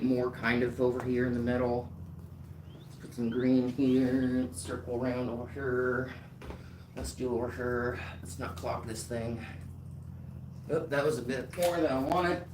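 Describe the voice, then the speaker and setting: A man's voice: mid-range voice, flat delivery, measured pace, long pauses, noisy background. A man live-streaming while he paints. He chats casually with his viewers in a rambling, easygoing way, full of fillers. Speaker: artist livestreamer. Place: outdoors on a warm day.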